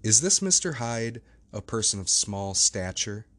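A man's voice: lowish voice, very animated, measured pace, fairly bright tone, full character voice. A man reading as a grave old lawyer. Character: grave, solemn older male lawyer.

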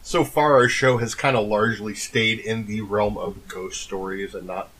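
A man's voice: lowish voice, steady tone, normal speed, a bit bright, breathy edge, rough recording. A man co-hosting a casual podcast, telling folklore stories between laughing, tipsy banter at home. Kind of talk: casual storytelling chat.

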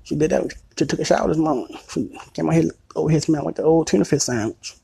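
A man's voice: on the high side, quick pace, gravelly, warm tone, slightly rough. A man hosting his own podcast in a crude, boastful, rambling comedic monologue. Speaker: podcast host.

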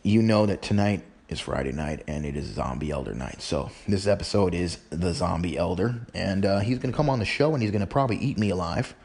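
A man's voice: sits low, a little fast, gravelly, hardly any pauses, a little mellow, breathy edge. A man hosting his own home-made radio show, talking alone in a rambling, joking way and often correcting himself. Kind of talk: casual solo radio monologue.

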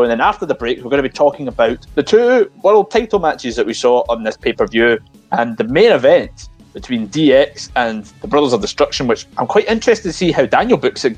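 Brief: male podcast host, husky, lively pitch, casual rambling chat. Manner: relaxed, rambling, restarts often.

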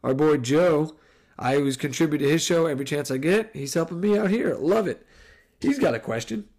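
A man's voice: fairly high pitch, a little fast, a little mellow. A man hosting a podcast in casual Q&A, rambling, breaking off mid-sentence and laughing easily. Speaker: podcast host.

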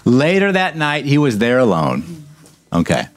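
A man's voice: medium pitch, wildly swooping pitch, a little slow. A man preaching a sermon, reading scripture and breaking into joking asides, hammering points with repetition.

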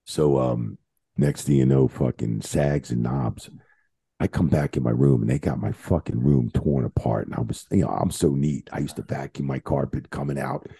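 A man's voice: normal speed, dark tone. A middle-aged man telling a road story on a podcast in a rambling style, with plenty of swearing. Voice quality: very deep gravelly voice. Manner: profane, rambling, lots of swearing. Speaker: guest, retired referee. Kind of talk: casual storytelling.

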